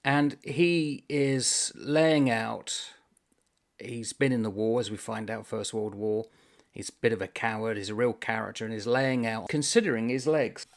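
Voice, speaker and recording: A man's voice: medium pitch, steady tone, unhurried, vocal fry. A man hosting a book channel, casually discussing a comic novel in a rambling, amused way and reading passages aloud.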